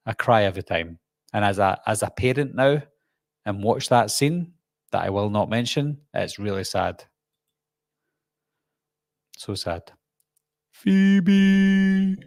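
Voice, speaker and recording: Chatty Glaswegian man, low dry voice. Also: vocal fry, no echo. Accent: Glaswegian Scottish. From Scotland. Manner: chatty, jokey, reads comments aloud and answers. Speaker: channel host. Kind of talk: live stream chat reading viewer comments.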